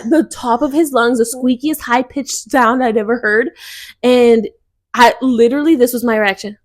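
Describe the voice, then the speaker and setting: A woman's voice: fairly high pitch, normal speed. A young woman co-hosting a podcast, telling a story in casual chat and laughing often as she talks. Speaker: podcast co-host.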